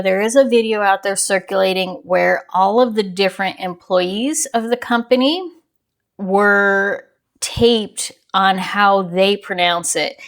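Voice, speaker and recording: A woman hosting a crochet channel, giving a casual yarn review in a chatty, rambling way that wanders off on tangents. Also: mid-range voice. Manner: chatty and rambling, digresses with small laughs.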